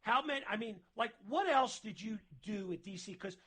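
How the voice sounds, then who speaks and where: A man's voice: high voice, expressive, normal speed, fairly bright tone. A man hosting a radio show, chatting and ribbing an old friend with plenty of laughter. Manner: laughing, chummy, ribbing his guest. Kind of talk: casual radio interview.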